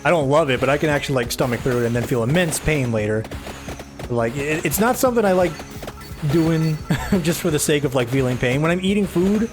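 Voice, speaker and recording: A man giving casual, rambling gameplay commentary, sounding tired, a little raspy and short of breath, with a soft, somber tone. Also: fairly high pitch, expressive, a little fast. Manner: rambling, chatty, self-deprecating. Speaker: gaming video host. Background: game music.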